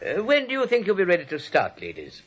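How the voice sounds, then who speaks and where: An actor playing a polite, fussy asylum superintendent who speaks courteously and officiously in a vintage radio play. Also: male voice, high-pitched, wildly swooping pitch, fast talker, husky, exaggerated voice. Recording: muffled vintage radio with faint noise.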